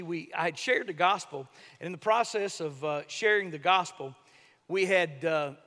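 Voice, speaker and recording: A man preaching a sermon, telling a story with loud emphatic peaks. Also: sits high. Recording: long reverb of a large hall.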